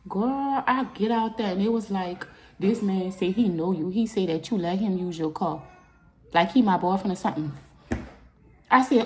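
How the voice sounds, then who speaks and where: A young woman vlogger tells a personal story in a casual storytime video at a moderate pace. She's animated, and when something upsets her she bursts into loud, high outbursts.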